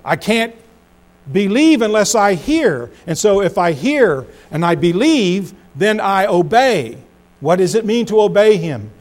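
A middle-aged man preaching a sermon as pastor, swinging between loud emphasis and hushed low phrases.

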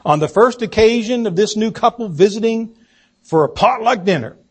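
A man preaching a sermon, telling a story slowly and deliberately and acting out the quoted voices. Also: high-pitched, animated, slightly rough. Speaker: pastor.

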